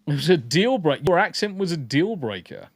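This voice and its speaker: A man's voice: a little high, dry recording. Male co-host, casual ranting chat, sweary, dry close sound. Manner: blunt, sweary, rambling with restarts. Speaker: podcast co-host. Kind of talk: casual live-stream chat.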